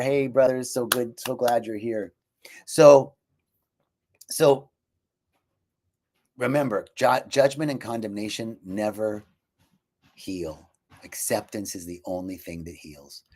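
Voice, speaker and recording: A man giving a spiritual sermon and leading affirmations, repeating his phrases and swinging between loud declarations and hushed near-whispers. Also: mid-range voice. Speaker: spiritual teacher. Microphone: live stream.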